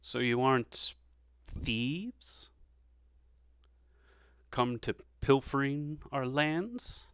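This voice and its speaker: A shrewd, suspicious noblewoman weighs every word, as a man puts her on. Her talk is slow and guarded, with a hint of veiled threat. The sound is dry and close. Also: medium pitch, expressive, fairly bright tone, clean tone, dry recording.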